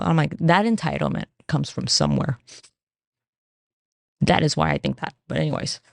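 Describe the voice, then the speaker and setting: Gravelly, swearing woman ranting on a podcast. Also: low voice, normal speed, long pauses, no echo, clean studio sound. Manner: swears a lot, rambling, animated. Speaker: podcast host. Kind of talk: casual solo rant.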